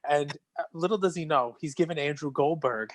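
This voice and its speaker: A playful man hosting a podcast, ribbing his guest and telling a joke. His voice sits a bit high and the sound is dry and close. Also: brisk, no room sound. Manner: jokey, playful storyteller. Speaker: podcast host. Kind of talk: casual chat.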